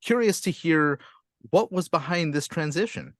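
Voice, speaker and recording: A man's voice: fairly high pitch, lively intonation, moderate pace, dry recording, studio quality. A man hosting a podcast, asking his guest questions in a curious, conversational way and often restarting his sentences. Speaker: podcast host. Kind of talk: interviewing a guest.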